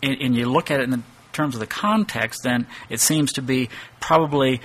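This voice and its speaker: A man's voice: medium pitch, brisk, fairly bright tone. A middle-aged man giving an expository Bible teaching, thinking aloud and posing rhetorical questions.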